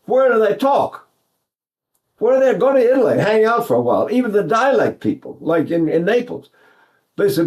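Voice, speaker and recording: Speaking at a normal speed in a voice that sits high, an older voice coach chats his way through a relaxed singing lesson. He animatedly stops to sing and buzz demonstrations and mimics Italian speech.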